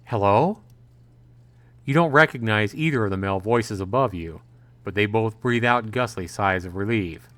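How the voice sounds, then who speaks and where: Low-voiced man reading a visual novel. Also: normal speed, bright, forceful tone, dry recording. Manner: hesitant reading with frequent "uh" fillers and self-corrections. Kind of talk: let's-play narration.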